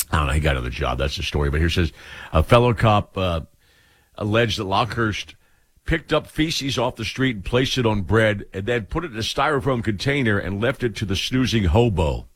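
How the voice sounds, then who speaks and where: A man's voice: sits low, lively intonation, fairly quick, no room sound. A man hosting a casual talk show, rambling and laughing through his stories. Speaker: radio show host. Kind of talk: casual morning-show banter.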